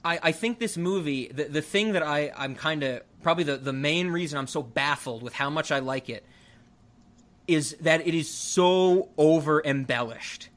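Man, slightly higher voice, casual film chat, rambling, excitable, restarts a lot. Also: normal speed. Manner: rambling, animated, many restarts. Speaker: podcast co-host. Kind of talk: casual movie review chat.

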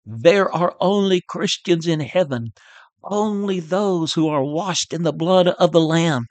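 A man's voice: a little high, measured pace, no echo, lightly acted. A man voicing an ancient patriarch who answers plainly from heaven. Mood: solemn.

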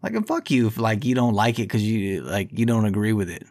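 A man's voice: lowish voice, very animated, brisk, darkish tone. A man hosting a podcast, ranting in a profane, combative monologue. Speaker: podcast host.

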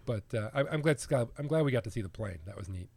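A man's voice: mid-range voice, expressive, fast talker, creaky, a little mellow, husky. A man co-hosting a podcast, talking casually and animatedly, laughing easily. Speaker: podcast co-host. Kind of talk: casual chat.

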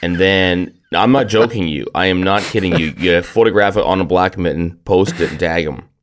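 Male podcast co-host, very deep groggy morning voice, wry teasing rambler. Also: moderate pace, a little hiss or hum. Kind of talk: casual chat.

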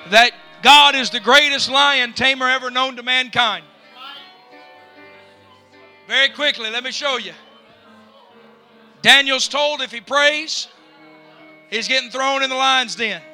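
Male pastor, very high and sharp tone, unhurried delivery, fervent church sermon with shouted peaks. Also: faint music behind. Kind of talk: pentecostal-style sermon. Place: church sanctuary.

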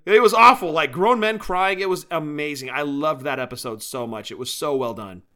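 His voice is on the high side, bright and forceful, at a normal speed. As a podcast co-host he chats enthusiastically and casually about wrestling shows and collectibles, with frequent laughter.

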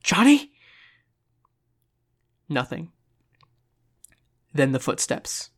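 Casting: suspenseful horror audiobook narrator, measured delivery, middle pitch. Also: steady tone. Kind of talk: horror story reading.

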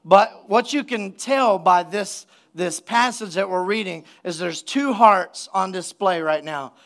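A male pastor preaching a sermon in a church, energetic and conversational, calling out for the congregation to respond. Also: sits high, a little slow. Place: church sanctuary.

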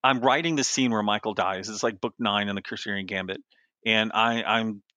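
A man's voice: on the low side, brisk, bright, forceful tone, no room sound, lo-fi sound. A middle-aged man, an author being interviewed, telling casual stories with laughs, restarts and trailing asides. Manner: rambling, laughing storyteller with many restarts. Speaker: author guest.

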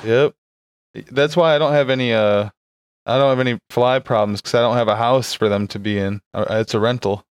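A man's voice: medium pitch, steady tone, a little fast, clean tone, dry recording. A young man hosting a comedy podcast, riffing casually, laughing often and swearing. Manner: laughs often, swears, riffs and acts out bits. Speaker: podcast host.

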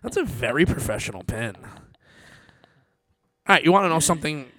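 A man's voice: a little high, sing-song, a little fast, sharp tone. A man in casual banter who roasts people bluntly, swearing a lot and laughing at his own jokes. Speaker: guest guessing exes.

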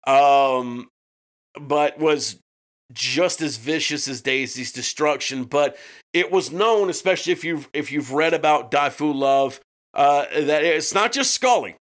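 A man's voice: on the high side, unhurried, a bit bright. A man co-hosting a true-crime podcast in casual chat, swearing often and restarting his sentences. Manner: profane, with frequent restarts and fillers. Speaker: podcast co-host.

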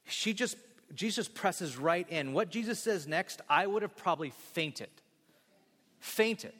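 Preaching slowly in a high-sitting voice, a male pastor addresses his congregation in a church sanctuary where a long reverb tail follows his words. He's animated, acting out scenes and joking with the listeners.

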